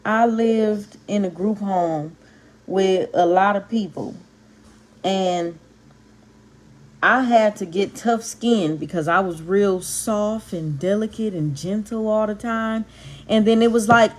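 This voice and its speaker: A woman's voice: medium pitch, unhurried. A woman from Compton, giving a casual, impassioned Bible talk to camera and stressing and stretching her words for emphasis. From Compton, California. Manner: punchy exclamations, street slang. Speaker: Bible teacher vlogger.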